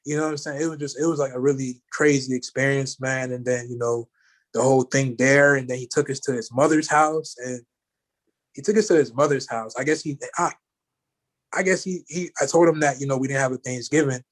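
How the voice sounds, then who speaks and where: Speaking a little fast with fairly even intonation, a male guest recounts a story at a relaxed mid pitch. He meanders through it loosely and conversationally, peppering it with "like" and "you know."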